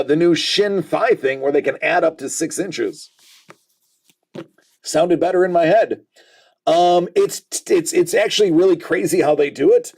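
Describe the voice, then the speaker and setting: A man's voice: sits high, a little mellow. A man in his forties hosting a casual livestream, reading viewer comments aloud and joking about them. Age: 40s.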